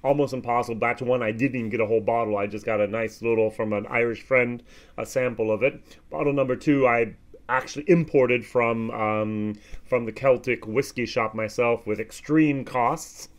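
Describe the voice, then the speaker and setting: An American man giving a casual whisky tasting review, with animated, expressive reactions and plenty of fillers. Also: mid-range voice, normal speed. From United States.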